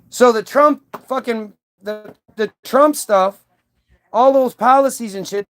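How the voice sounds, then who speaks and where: Guy ranting on his stream, swearing a lot, argues and keeps restarting sentences. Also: sits high. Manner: profane, combative, rambling with restarts. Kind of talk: ranting monologue.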